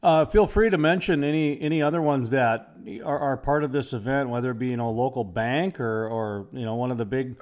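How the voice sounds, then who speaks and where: A man's voice: mid-range voice, fairly quick, few pauses, a little mellow. A man hosting a radio interview program, chatty and enthusiastic, rambling off on tangents. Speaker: radio host.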